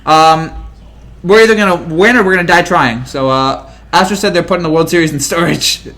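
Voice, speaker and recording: A man hosting a casual live postgame sports stream, who talks in a rapid, excitable, rambling way with lots of fillers. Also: fairly high pitch. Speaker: host.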